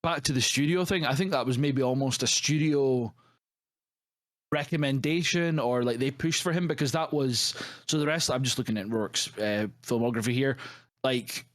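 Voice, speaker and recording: A man's voice: mid-range voice, normal speed, no room sound. Hedging man in a dry room. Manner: rambling, hedging with many restarts. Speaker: podcast co-host. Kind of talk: casual film discussion.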